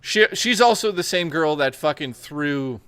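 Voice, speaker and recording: Young man, crude animated storyteller, bright tone, dry recording. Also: on the high side, measured pace, clear, resonant tone, dry recording. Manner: crude, animated storytelling with lots of swearing and laughter. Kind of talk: casual chat.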